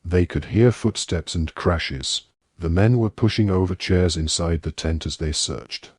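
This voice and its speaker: A man narrating an audiobook in a steady, even reading voice. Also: low-pitched, measured pace, husky, dry recording, studio quality. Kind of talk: scripted narration.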